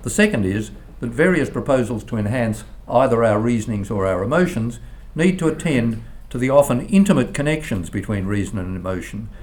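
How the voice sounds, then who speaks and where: An older male professor delivers a formal academic lecture, reading from a prepared text. His voice sits low, and he moves through it in a measured, deliberate way, stumbling now and then over a word. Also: darkish tone. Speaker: philosophy professor.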